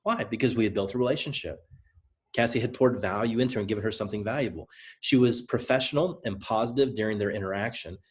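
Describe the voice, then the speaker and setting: A man with a Southern US accent giving a motivational training talk to a team. He speaks in an energetic, conversational, coaching way and repeats points for emphasis. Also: on the low side, quick pace. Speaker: presenter.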